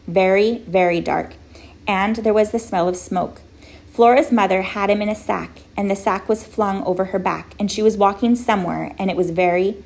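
Woman audiobook narrator, steady and measured, with a gravelly voice. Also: mid-range voice. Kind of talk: scripted storybook narration.

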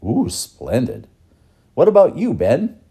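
A man voicing a kindly, learned old professor who explains things gently in a storybook reading. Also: mid-range voice, wildly swooping pitch, slow pace, voice pushed up, heavily acted. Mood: teaching. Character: kindly older male professor, warm and learned.

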